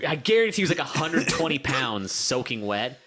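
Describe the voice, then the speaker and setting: A man's voice: mid-range voice, moderate pace. A young man telling a story on a casual podcast, laughing often and acting out voices. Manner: animated, laughing, acts out voices in stories. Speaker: podcast co-host.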